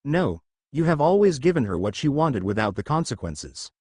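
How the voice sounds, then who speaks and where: A man's voice: medium pitch, big pitch swings, normal speed, a little mellow, slightly rough, no echo, studio quality. A man reading the lines of an angry, heartbroken teenage witch girl, in a storybook reading. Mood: furious. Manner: furious, accusing.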